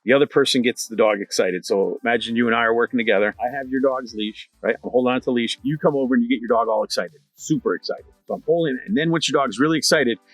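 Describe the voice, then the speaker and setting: A middle-aged man teaching dog training in a lively conversational way, repeating his key points. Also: mid-range voice, fast talker, hardly any pauses, soft background music. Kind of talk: instructional talk to camera.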